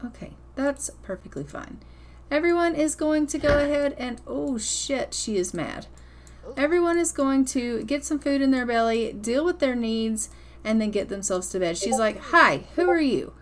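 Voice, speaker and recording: A woman with a slightly high voice talks through her game in a loose, chatty way. She is blunt and curses casually as she comments on what her characters do. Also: moderate pace, darkish tone. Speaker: gameplay commentator.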